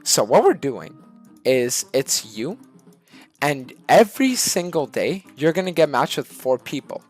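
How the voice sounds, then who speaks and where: Animated, swearing streamer spinning a story. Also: medium pitch, a little slow, faint music behind. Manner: swears constantly, acts out voices mid-story. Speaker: gaming streamer. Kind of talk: casual rambling storytelling.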